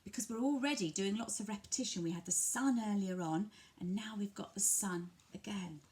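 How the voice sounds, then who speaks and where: An English woman from a family centre explains to parents how to share a picture book, talking gently and patiently and switching to a bright sing-song voice when modelling words. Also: medium pitch, fairly quick. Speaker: family centre early language worker. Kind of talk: instructional talk to parents, demonstrating a picture book.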